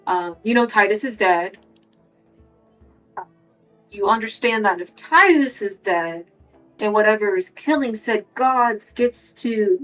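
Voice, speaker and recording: A woman's voice: mid-range voice, lively intonation, takes it slowly, pauses often, a bit bright, soft background music, low-quality recording. A woman playing a tabletop game in a casual, blunt way, swearing and pressing with questions. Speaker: player. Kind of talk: casual tabletop role-play.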